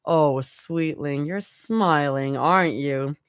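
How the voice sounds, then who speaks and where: A woman voicing a calm young woman who teases in a low, slow drawl. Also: dry recording, clean studio sound, natural voice. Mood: teasing. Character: teasing, smooth-talking young woman, playful and calm.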